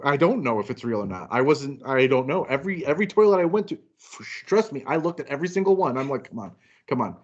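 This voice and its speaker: A man co-hosting a casual chat show, telling travel stories in an animated, self-deprecating way. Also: mid-range voice, fast, few pauses, lo-fi sound. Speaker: podcast co-host.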